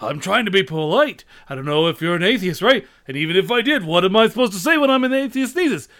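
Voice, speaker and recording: A put-upon old stand-up comic, as a man acts him out, barking out complaints in punchy bursts. The voice sits high and jumps around energetically, as a bit on a podcast. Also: very animated, fairly quick, dry recording, studio quality. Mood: griping.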